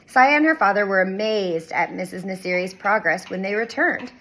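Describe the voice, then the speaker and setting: A woman reading a children's chapter book aloud with expressive storytelling. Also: mid-range voice, normal speed, rough recording. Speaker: reader.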